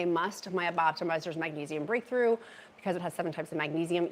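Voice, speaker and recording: A bubbly, chatty woman whose voice sits a bit low for a woman hosts a casual livestream from her home kitchen while meal prepping. She speaks into a handheld phone, reading out viewer comments, with a little hiss or hum audible.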